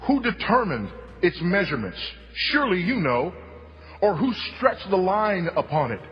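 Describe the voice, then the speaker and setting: A man preaches at an unhurried, weighty pace, repeating his points for emphasis and swinging from hushed to loud. His voice sits a little high for a man. The recording is muffled and lo-fi, with a long reverb trailing off the sanctuary walls and faint music beneath. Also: sing-song. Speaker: pastor. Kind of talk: sermon. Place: church sanctuary.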